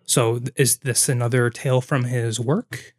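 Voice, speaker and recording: A man co-hosting a podcast in casual chat, joking and restarting his sentences quickly. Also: mid-range voice, steady tone. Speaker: podcast co-host.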